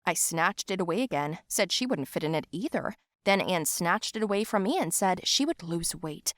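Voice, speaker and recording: A woman narrating a first-person animated story in an expressive, lively way. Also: on the low side, normal speed, no room sound, studio quality.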